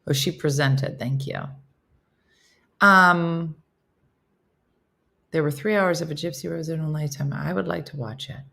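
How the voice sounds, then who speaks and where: A woman's voice: low voice, a little slow, vocal fry, pauses often, pushed and bright. A woman hosting a casual morning livestream, chatting and reading viewer comments aloud in a self-mocking way. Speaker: host of a morning livestream chat show.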